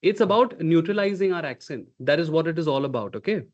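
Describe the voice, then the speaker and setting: A communication coach leads a live online pronunciation workshop, speaking emphatically, demonstrating sounds aloud and repeatedly checking in with "okay?". His voice is fairly high, expressive and fast, though the audio sounds dull.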